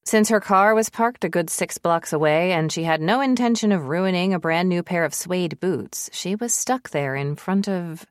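A woman narrating an audiobook in a measured, even storytelling manner on a close studio mic. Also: on the low side, clean tone, no echo. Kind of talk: scripted narration.

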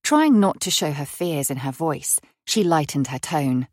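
A woman reading a novel aloud as an audiobook narrator, in a measured, even storytelling manner. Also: low voice, no room sound, studio quality. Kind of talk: scripted narration.

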